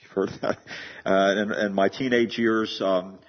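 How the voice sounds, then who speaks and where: A man's voice: fairly low pitch, level tone, a little slow, highs cut off. A man preaching a sermon in an earnest way, often repeating words as he builds a point. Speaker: pastor.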